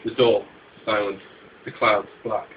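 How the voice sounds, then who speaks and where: Male poet, dramatic and incantatory live performance; low voice, muffled recording with faint hiss. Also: flat delivery, measured pace. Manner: dramatic, incantatory, repeating refrains. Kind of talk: live spoken-word poetry performance.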